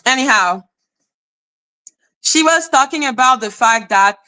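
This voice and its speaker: High bright-voiced woman ranting. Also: expressive, measured pace, long pauses. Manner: profane, mocking, shouts in outbursts. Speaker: commentary channel host. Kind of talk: heated livestream rant.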